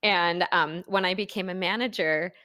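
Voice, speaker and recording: A woman's voice: fairly low pitch, moderate pace, dry recording, studio quality. An American woman in her thirties co-hosting a podcast, chatting casually and telling stories with frequent laughter. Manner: chatty, laughs often, animated storytelling. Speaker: podcast co-host. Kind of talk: casual chat.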